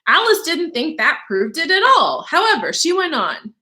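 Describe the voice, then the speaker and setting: A woman's voice: sits high, sing-song, normal speed, pushed and bright. A young adult woman teacher reading a story aloud and stopping to explain words in a chatty way, with many fillers and asides.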